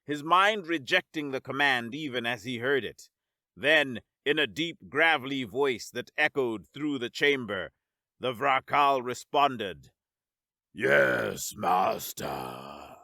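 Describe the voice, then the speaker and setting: Slow, bright male story narrator. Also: mid-range voice, no room sound, clean studio sound. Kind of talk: scripted sci-fi story narration.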